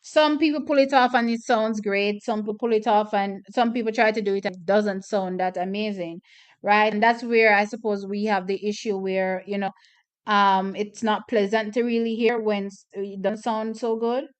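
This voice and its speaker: A woman's voice: medium pitch, steady tone, normal speed, smooth. A woman hosting a track watch party, chatting and commenting on races with strong, repeated opinions. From Jamaica. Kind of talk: casual live track commentary.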